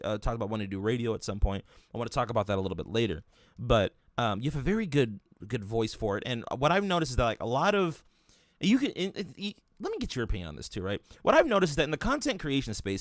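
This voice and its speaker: A man's voice: mid-range voice, lively intonation, fast talker, dry recording, clean studio sound. A young man hosting an interview, talking in a rambling casual way with many restarts and fillers. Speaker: podcast host interviewing a guest.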